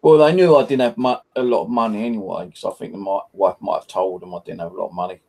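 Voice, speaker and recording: A man's voice: fairly low pitch, fairly even intonation, fast, creaky, a little mellow. A man with an English accent telling a rambling anecdote in casual chat on a live stream, full of "you know" and "like". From England.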